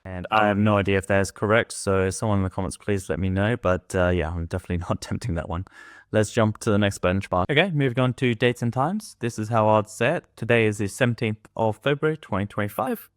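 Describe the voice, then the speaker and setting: Low-voiced man casually comparing results. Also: quick pace, clear, resonant tone, dry recording, clean studio sound. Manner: relaxed, tentative verdicts with fillers; calls his reading voice monotone. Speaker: tech video host. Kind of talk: casual commentary.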